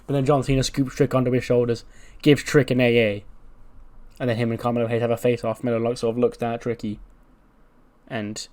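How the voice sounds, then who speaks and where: Brief: man, casual game narration, hedgy, mid pitch. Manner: casual, hedging with "like, sort of". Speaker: gaming YouTuber. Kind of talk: narrating a wrestling sim playthrough.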